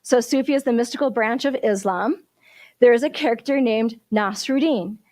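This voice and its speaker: A woman minister giving a sermon, telling stories in an animated way and asking the congregation questions. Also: a little high, moderate pace, no echo, clean studio sound.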